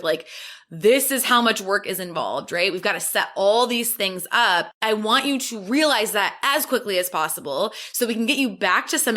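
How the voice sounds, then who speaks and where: Woman, podcast host, business coach, encouraging, upbeat, bright voice. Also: mid-range voice. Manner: upbeat, encouraging, acts out clients' inner voices. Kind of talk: solo podcast talk.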